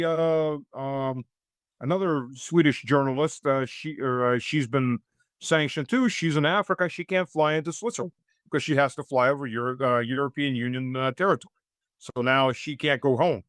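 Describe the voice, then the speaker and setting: A middle-aged man speaking with a slightly high voice, sardonic and blunt, breaking his points up with frequent "uh"s. The room is dead and dry, with no echo. He sounds like an interview guest giving his analysis off the cuff. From United States. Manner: sardonic, blunt, many hesitant "uh" fillers. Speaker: interview guest, military-political commentator. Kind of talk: unscripted interview commentary.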